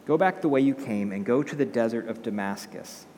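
A man's voice: medium pitch, lively intonation, fairly quick, darkish tone, big-room sound, slight background noise, close to an everyday voice. A man voicing God as a patient male figure who keeps asking probing questions and gives firm reassurance. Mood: hushed.

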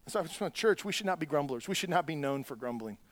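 A man preaching a sermon, conversational and earnest, dropping to quiet asides and climbing to loud, rising exhortation. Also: fairly high pitch, animated, fast talker. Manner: conversational preaching with restarts and plain talk. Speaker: pastor.

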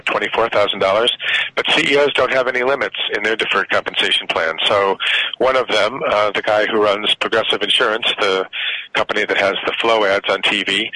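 A man's voice: fairly low pitch, sharp tone, dry recording, low-quality recording. A man being interviewed on radio about a report, explaining earnestly with many fillers. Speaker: policy researcher guest.

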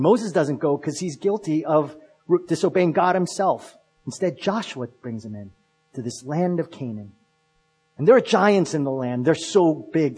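A male pastor preaching a sermon, retelling stories and acting out the quotes with shifts from loud to hushed. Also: on the high side, breathy edge, low-quality recording.

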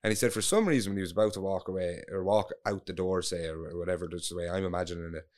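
A man's voice: low-pitched, very fast, a little mellow. An Irish man telling a long story in casual chat, rambling, swearing freely and restarting his sentences.

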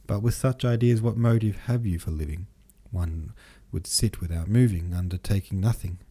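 A man's voice: deep voice, moderate pace, dark tone, breathy edge. A man reading the part of an earnest, troubled young nobleman who asks pleading questions.

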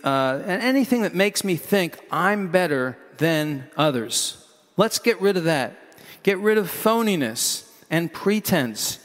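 A man's voice: a little high, fairly bright tone, big-room sound. A man preaching a sermon in a loose, conversational way, with rambling asides and restarts.

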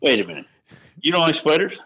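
A man's voice: a little high, very animated, fast talker, bright, forceful tone, slightly rough, rough recording. A man in casual chat who teases the guest with short quips. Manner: teasing, reacts with short quips.

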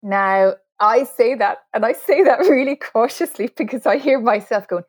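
A woman's voice: fairly high pitch, normal speed, few pauses, husky. A woman author as an interview guest, explaining communication skills earnestly and laughing at herself now and then. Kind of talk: interview conversation.

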